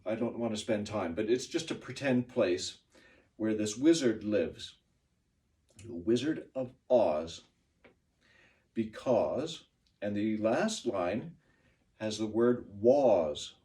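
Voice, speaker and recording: Man as a classroom language teacher: unhurried, encouraging, set back from the mic. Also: lowish voice, lively intonation, warm tone, far from the mic. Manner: slow, deliberate, encouraging teacher talk. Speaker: English teacher. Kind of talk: classroom pronunciation lesson.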